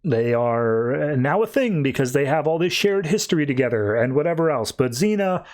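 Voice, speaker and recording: A man's voice: on the high side, expressive, moderate pace, darkish tone. A man hosting a comics podcast, recapping and reviewing issues in a loose, rambling casual chat, full of "like"s and restarts. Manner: paraphrases characters in his own voice, without doing accents.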